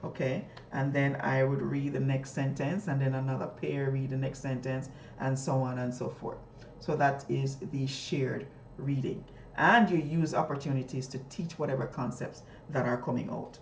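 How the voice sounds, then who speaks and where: A woman teacher explaining a reading lesson, often jumping high in pitch as she models questions to students. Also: fairly even intonation, moderate pace, slight background noise. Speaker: teacher trainer. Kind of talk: instructional talk modeling a classroom lesson. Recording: echoey room.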